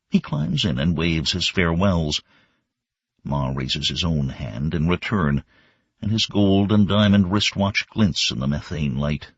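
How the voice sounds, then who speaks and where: Brief: low husky male narrator, slow and measured, dry dull lo-fi recording. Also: no echo. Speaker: audiobook narrator. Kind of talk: scripted narration.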